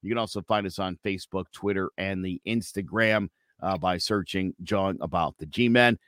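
A man co-hosting a casual sports podcast, animated and jokey. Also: deep voice, normal speed, dry recording, studio quality. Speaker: podcast co-host.

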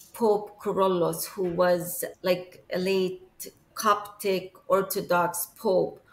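A woman's voice: mid-range voice, vocal fry. A woman guest earnestly recounting a personal experience, at times searching for words. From Egypt. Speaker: interview guest. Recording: echoey room.

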